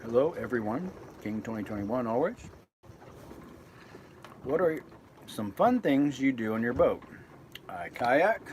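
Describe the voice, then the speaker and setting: Very animated yet measured in pace, a medium-pitched, slightly mellow male voice reads out live-chat comments from inside a boat, pausing at length. He rambles casually and corrects himself, over slight background noise.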